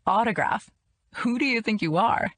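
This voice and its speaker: A woman's voice: fairly high pitch, moderate pace, a bit bright, voice pushed up. Woman voicing a nervous, wry young journalist. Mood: teasing.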